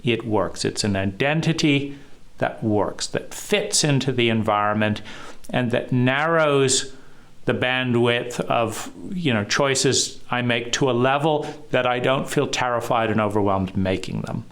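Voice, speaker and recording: A man giving a reflective solo talk on trauma, measured and pausing often. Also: medium pitch, a bit bright. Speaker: trauma educator.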